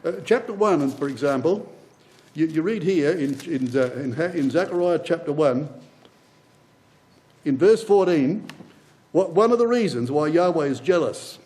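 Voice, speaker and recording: A man preaches a Bible class with passion, his voice pitched high for a man. His delivery is animated and swings widely in pitch. He often calls his listeners brothers and sisters. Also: a little slow, low-quality recording. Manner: impassioned, addresses brothers and sisters; preacherly build-ups with repeated phrases. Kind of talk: sermon.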